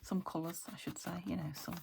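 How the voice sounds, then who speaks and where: A middle-aged woman from the UK with a croaky voice, hosting a casual crafting video and thinking aloud, often dropping into half-whispers. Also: on the low side, level tone, brisk, darkish tone, slight background noise. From United Kingdom. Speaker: crafting channel host.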